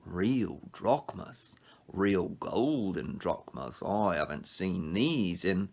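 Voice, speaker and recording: A smooth, mocking ferryman of the dead who drawls his words in a put-on British accent. He sounds greedy and cold, and he keeps his voice fairly low, as a man reads him aloud. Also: lively intonation, unhurried.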